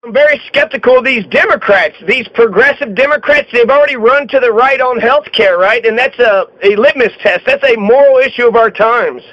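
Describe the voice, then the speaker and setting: A man giving an opinionated political monologue, blunt and repetitive, filling pauses with "you know". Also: very high voice, no room sound, dull audio. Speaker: political commentator.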